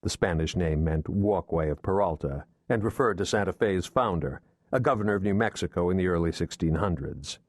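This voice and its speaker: Deep-voiced male thriller narrator. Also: no room sound, studio quality. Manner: measured, steady storytelling. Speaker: audiobook narrator.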